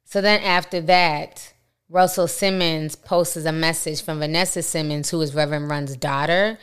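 A woman hosting a celebrity gossip commentary, retelling events and reading posts aloud in a measured, matter-of-fact way. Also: deep voice, fairly even intonation, fairly bright tone, clear, resonant tone. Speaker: commentary channel host.

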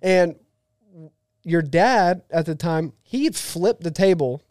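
A man guest on a podcast, telling a story in a lively, fast-paced way. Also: on the high side, no echo, studio quality. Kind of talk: casual storytelling.

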